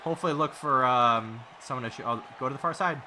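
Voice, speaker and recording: A man giving casual commentary while playing a video game, reacting out loud and talking himself through each move. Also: mid-range voice, fast talker, heavy background noise. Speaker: gaming YouTuber.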